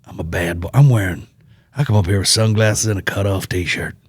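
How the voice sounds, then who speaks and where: A menacing tough-guy villain from an action film drawls each threat slowly and low, as a man puts him on. The sound is dry and close, with no room around it. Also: slightly rough, dry recording.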